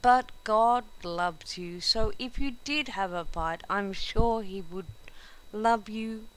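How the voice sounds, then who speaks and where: A woman voicing a sly talking snake that tempts with soft, hushed coaxing in a spoken storybook. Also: mid-range voice, takes it slowly, lightly acted, poor audio. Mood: insistent coaxing.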